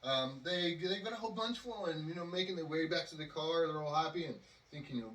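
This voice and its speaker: A man's voice: on the high side, fast talker, few pauses, a bit bright. A man telling a story on a podcast, rambling with lots of fillers. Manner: rambling, with many fillers and acted quotes. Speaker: podcast host. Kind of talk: casual storytelling. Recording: roomy, distant from the mic.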